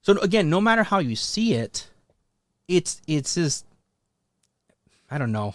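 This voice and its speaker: A man's voice: big pitch swings, unhurried, pauses often, dry recording. Rambling male commentary host, dry sound. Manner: rambling and loose, full of fillers and restarts, pitch rising on emphatic points; talks directly to his followers, challenging them. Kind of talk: casual commentary vlog.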